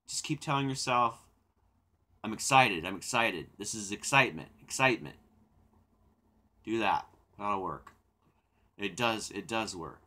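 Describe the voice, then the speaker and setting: Rambling man chatting with viewers, lively pitch. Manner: rambling, laughing, repeats words; reflective and calm when talking about silence. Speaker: livestream host. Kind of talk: casual chat with viewers.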